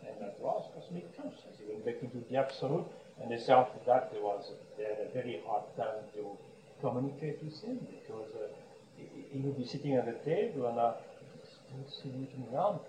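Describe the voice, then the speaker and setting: A man's voice: mid-range voice, animated, brisk. A man giving a sermon as a monk, telling stories with frequent chuckles and restarts. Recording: roomy echo, distant mic, faint background hum.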